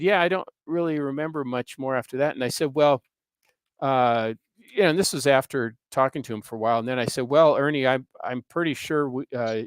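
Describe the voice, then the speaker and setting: Smooth-voiced man in his sixties. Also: medium pitch, no echo. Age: 60s. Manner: earnest, rambling anecdote with frequent hesitations. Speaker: guest, history professor and author. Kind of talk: casual interview storytelling.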